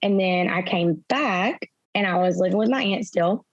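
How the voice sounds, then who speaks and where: A young woman, a guest in an interview, retelling events through quoted dialogue in a soft, halting way with fillers. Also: medium pitch, no room sound. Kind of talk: personal storytelling in an interview. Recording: slightly dull, dry sound.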